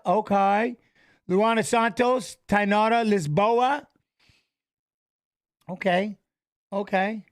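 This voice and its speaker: A man with a high voice hosts a casual live stream before the fights. He greets chat viewers one by one, joking loosely and trailing off into mumbled asides. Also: fairly bright tone. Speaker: host of a fight watch-along stream.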